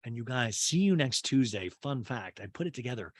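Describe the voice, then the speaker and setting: A man's voice: medium pitch, animated, brisk, hardly any pauses, no echo. A man hosting a podcast, recapping a reality show in a campy, comedic way, swearing freely and acting out the cast in mocking voices. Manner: swears freely, laughs at own jokes. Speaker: podcast host.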